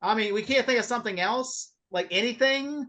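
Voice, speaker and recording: A man's voice: very high voice, a little fast, sharp tone. A man co-hosting a casual podcast, ranting heatedly and swearing a lot. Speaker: podcast co-host. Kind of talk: casual chat.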